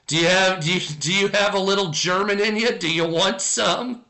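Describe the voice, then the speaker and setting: High, bright-voiced man chatting live. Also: normal speed. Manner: rambling, filler-heavy, reads chat aloud. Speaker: live stream host. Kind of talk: casual live-stream chat.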